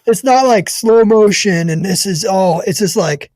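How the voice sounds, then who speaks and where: High-voiced, enthusiastic male host. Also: unhurried, darkish tone, dry recording. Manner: enthusiastic, slangy, laughs easily. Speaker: podcast host. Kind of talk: casual chat.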